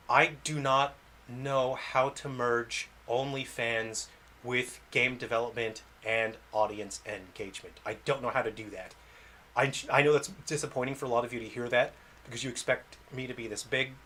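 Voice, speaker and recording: A man chats casually with his livestream audience about being a game developer. He rambles, puts himself down and laughs between thoughts, in a mid-pitched, everyday voice. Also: a bit bright, slight background noise. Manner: rambling, self-deprecating, laughs often.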